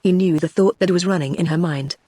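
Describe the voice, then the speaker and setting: A text-to-speech voice with a woman's sound and a British English accent, giving scripted narration of a novel in an even, machine-made reading. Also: lowish voice, fairly quick, no echo.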